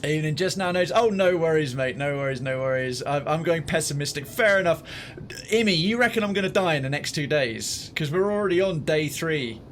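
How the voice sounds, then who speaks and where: A man's voice: a little high, animated, fairly quick, a little hiss or hum. Rambling gaming streamer man. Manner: rambling, swears casually. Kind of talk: casual gameplay commentary.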